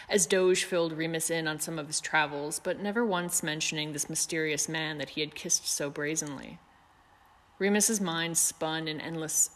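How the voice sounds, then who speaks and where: A woman narrating a chapter of fan fiction in a measured, softly expressive reading. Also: low voice. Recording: long reverb.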